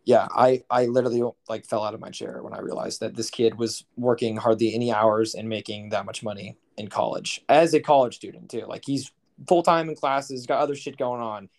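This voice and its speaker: A man's voice: mid-range voice, fairly even intonation, brisk. A young man co-hosting a podcast, telling stories in a rambling, profane, incredulous way. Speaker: podcast co-host. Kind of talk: casual chat.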